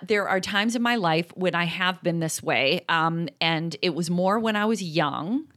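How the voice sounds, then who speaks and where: Brief: woman in her 40s, lowish voice, chatty and animated co-host. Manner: chatty, self-reflective, quick and animated. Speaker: podcast co-host. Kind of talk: casual chat.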